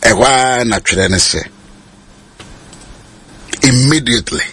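A preacher whose voice is gravelly and husky. It is bright and forceful, and his pitch swings widely. He switches between Twi and English and climbs into high shouted peaks. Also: unhurried. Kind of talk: sermon.

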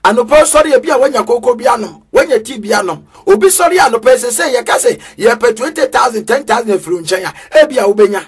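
A man preaching with fervor in a very high, husky voice. He chants his lines in a sing-song rhythm and breaks into shouts. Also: animated, quick pace, hardly any pauses. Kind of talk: energetic street sermon.

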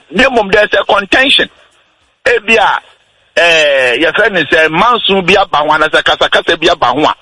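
A man on a radio talk show, patiently explaining how wills and estates work, slowing down on his key points. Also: high-pitched, pushed and bright, slightly rough, no echo, rough recording. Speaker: legal explainer guest.

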